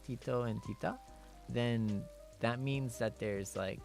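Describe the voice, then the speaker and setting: A man's voice: mid-range voice, slow pace, creaky, darkish tone, faint music behind. A man hosting a casual chat stream, reading viewer messages in a playful, giggly way and mixing English and Japanese with cat-like "nyan" sign-offs. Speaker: streamer host.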